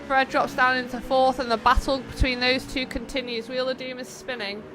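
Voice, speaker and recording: A young woman hosting and commentating on a sim-racing stream, chatting playfully between race calls and getting excited at close battles. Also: high-pitched, normal speed, noisy background.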